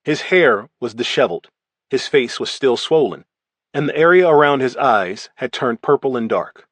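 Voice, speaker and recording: A man's voice: medium pitch, moderate pace, dry recording. Man narrating an audiobook, dry close sound. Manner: steady first-person storytelling. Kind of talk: scripted narration.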